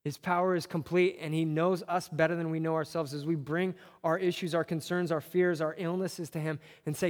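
A man's voice: on the high side, level tone, fairly quick, few pauses. A man preaching a sermon as a pastor, earnest, with repeated phrases that build on each other. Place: church sanctuary. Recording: long reverb of a church hall.

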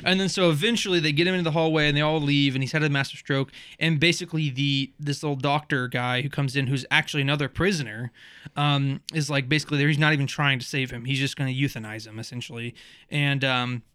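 A man's voice: medium pitch, steady tone, fast talker, sharp tone, clean tone, dry recording. A man in a casual podcast chat, recapping a TV episode in a rambling way with many fillers and restarts. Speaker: podcast co-host.

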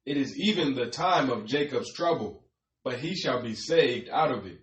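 A man reading scripture aloud in a measured, plain and steady way. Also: medium pitch, reverberant. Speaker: scripture reader.

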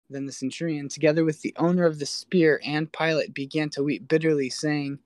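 A man reading an ancient religious text aloud in a solemn, measured way. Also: on the high side, fairly even intonation, darkish tone, no echo. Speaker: host reading ancient texts. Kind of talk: scripted scripture reading.

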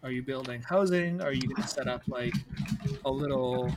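A man narrating as game master in a calm, questioning way, with frequent fillers. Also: mid-range voice, moderate pace, heavy background noise.

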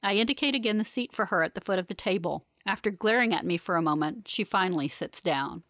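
A woman narrating a first-person audiobook in a steady, composed, unemotional way. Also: medium pitch, quick pace, dry recording, clean studio sound.

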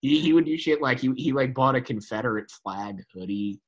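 A man's voice: mid-range voice, lively intonation, a little fast, slightly rough, highs cut off. A man co-hosts a casual podcast and tells stories animatedly. He peppers his talk with "like" and "dude" and swears easily. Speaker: podcast co-host.

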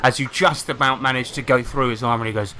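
A man's voice: medium pitch, fairly even intonation, quick pace, bright, forceful tone, a little hiss or hum. A man narrating a tabletop game as game master, describing the action and often restarting his phrases.

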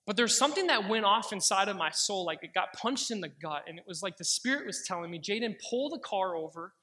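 Young male preacher, high and bright, earnest testimony, slows down for quoted prayers. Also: animated. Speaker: pastor. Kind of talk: sermon with personal testimony.

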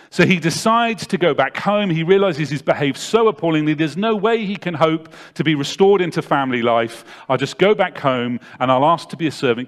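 A man preaching a sermon, retelling a story dramatically and swinging from loud to hushed. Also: on the high side.

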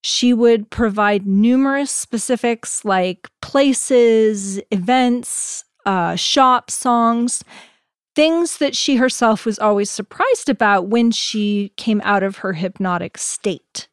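A woman's voice: fairly high pitch, slow pace, clear, resonant tone, no echo, clean studio sound. A woman hosting a podcast, casually recounting stories with many fillers. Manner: storytelling, laid-back with fillers. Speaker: podcast host.

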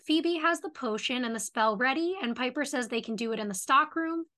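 A woman with a bright, slightly high voice recaps a TV episode for a podcast. She talks casually and quotes the characters' lines as she goes. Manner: retells plot quickly, quoting characters' lines. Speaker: podcast co-host.

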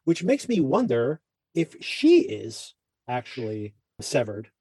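A man's voice: mid-range voice, wildly swooping pitch, takes it slowly, dark tone, husky, dry recording. A man hosting a podcast, recapping a TV show in a chatty, rambling way with asides. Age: adult parent. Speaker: podcast host. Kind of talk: casual TV recap chat.

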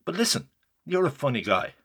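A man's voice: fairly high pitch, very animated, brisk, a bit bright, slightly rough, pitched above the performer's own voice, heavily acted. A man doing a fiery, mocking older actor. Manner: roaring, mocking, emphatic.

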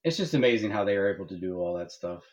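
A man's voice: deep voice, animated, fast talker, darkish tone, muffled recording. A man co-hosting a podcast in casual chat, rambling and hesitant with many restarts. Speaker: podcast co-host.

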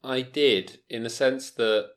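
A man co-hosting a casual podcast, his voice mid-pitched and plain. He talks in a dry, understated way, often pausing before he answers. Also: steady tone. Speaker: podcast co-host.

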